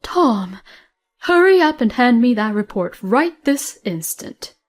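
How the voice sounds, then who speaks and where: Woman voicing an older mother-in-law, stern, scolding, deliberate, faint background music. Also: on the high side, big pitch swings. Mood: commanding.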